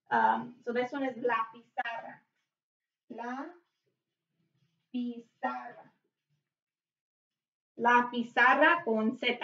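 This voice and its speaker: A high-pitched woman teaching vocabulary at an unhurried pace, repeating each word and spelling it out. She sounds far from the mic in an echoey room, and the recording is dull and lo-fi. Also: fairly bright tone. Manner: repeats words slowly, spells and explains. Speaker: Spanish teacher. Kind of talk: slow vocabulary lesson.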